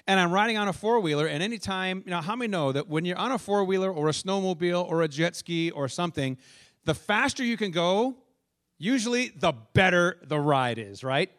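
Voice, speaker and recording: High-voiced man preaching a sermon. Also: expressive, brisk, fairly bright tone. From northern United States. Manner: storytelling preacher, engages congregation with questions. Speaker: pastor. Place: church.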